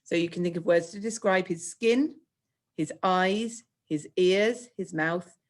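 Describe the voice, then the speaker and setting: A woman with an English accent teaching children in a recorded remote lesson, speaking clearly, patiently and encouragingly. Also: on the low side, measured pace. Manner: clear, patient, encouraging, acts out example speech lines. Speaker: primary school teacher.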